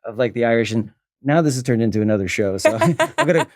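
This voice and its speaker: A middle-aged man, a guest actor, telling an animated story in casual chat and acting out the voices he quotes. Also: mid-range voice, fast talker, no room sound, clean studio sound. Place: livestream podcast.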